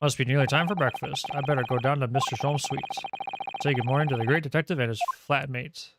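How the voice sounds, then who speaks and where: A man's voice: medium pitch, fast talker, very noisy, lightly acted. A man voicing an earnest young lawyer, reading the lines plainly in a lightly raised voice. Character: earnest young male law student narrating.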